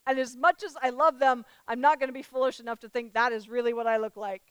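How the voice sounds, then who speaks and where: High, smooth-voiced woman preaching emphatically. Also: fairly even intonation, quick pace, dry recording. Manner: emphatic, rising to loud declarations, calls out to the audience. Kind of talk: sermon to a live audience.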